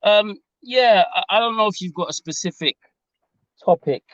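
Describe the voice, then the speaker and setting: Man, London English accent, caller, polite, hesitant, fillers, slightly high voice, dull lo-fi line. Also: moderate pace, a bit bright, dry recording. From England. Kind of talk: casual call-in conversation.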